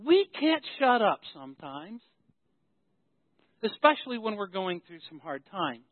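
Male pastor, very high-pitched, sermon delivery with repetition for emphasis; dry, lo-fi phone-like recording. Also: sing-song, unhurried, no room sound. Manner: storytelling preacher, builds emphasis through repetition. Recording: tinny phone-like, dry sound.

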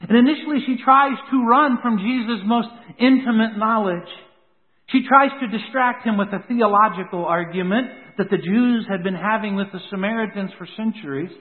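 High-voiced man preaching in a reverberant hall. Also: moderate pace. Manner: dramatic preaching, swelling and dropping for emphasis. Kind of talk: sermon. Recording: tinny phone-like sound with long hall reverb.

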